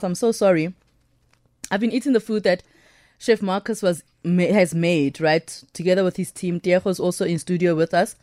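A woman's voice: on the low side, fairly even intonation, normal speed, darkish tone, no echo, studio quality. A woman with a South African accent hosting a radio show, chatty and upbeat, with bits of Setswana. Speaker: radio host. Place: radio studio.

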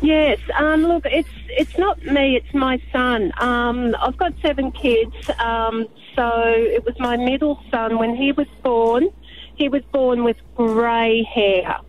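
A woman's voice: on the high side, takes it slowly. A woman, a mother of seven, calling in by phone and telling a story in a chatty, hesitant way. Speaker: caller. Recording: tinny phone line with faint hiss.

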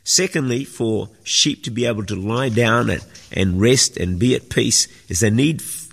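A man's voice: medium pitch, moderate pace, creaky, fairly bright tone, slightly rough. A man preaching a sermon as senior pastor, earnest and teaching, repeating phrases for emphasis. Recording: echoey hall with long reverb.

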